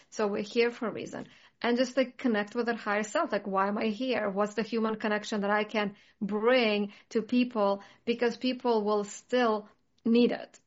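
A woman's voice: on the high side, lo-fi sound. A woman in casual conversation, talking earnestly and reflectively, with many "like" fillers. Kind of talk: casual chat.

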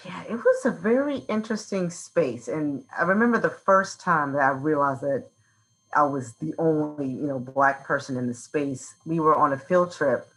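A woman's voice: low-pitched, normal speed, rough recording. A woman from Virginia, a nonprofit leader, telling a personal story as an interview guest and acting out the voices in it. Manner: animated, acts out quotes from her childhood.

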